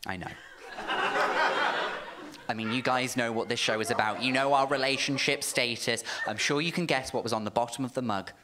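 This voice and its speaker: A man's voice: medium pitch, fairly quick. A man in his thirties telling a camp, chatty stand-up story on stage, checking in with the crowd. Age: 30s. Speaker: stand-up comedian. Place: comedy club stage with a live audience. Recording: noisy live club recording.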